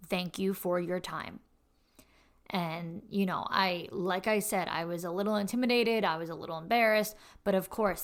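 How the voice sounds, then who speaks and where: Young woman with a gravelly edge. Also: mid-range voice. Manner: earnest and candid, stumbles and restarts when excited. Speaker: podcast host. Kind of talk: casual storytelling monologue.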